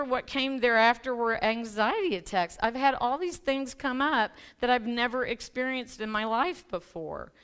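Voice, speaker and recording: This woman's voice is fairly high, clean, and a bit bright. As a life coach and guest speaker in a church sanctuary, she shares a personal story through a chatty sermon full of self-deprecation, laughing alongside the congregation.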